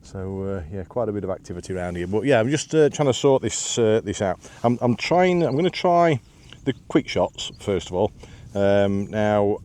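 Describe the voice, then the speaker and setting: A lowish, darkish male voice with lively intonation runs at normal speed with hardly any pauses. He's a vlogger walking and filming on a windy hillside path, out of breath after climbing, rambling casually with many "uh"s and self-mocking remarks.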